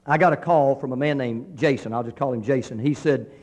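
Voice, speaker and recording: Fast-talking preacher in a reverberant hall. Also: male voice, medium pitch. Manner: animated storyteller acting out quoted dialogue, with frequent restarts. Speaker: pastor. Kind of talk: sermon storytelling.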